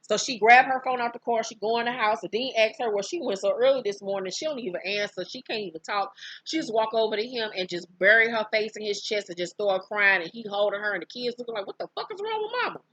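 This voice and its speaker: Woman, casual TV recap, slangy and profane, acts out the lines, slightly raspy voice. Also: medium pitch, fast talker, a bit bright, no room sound. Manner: profane, slangy storytelling, acting out characters' lines. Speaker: TV episode recap host.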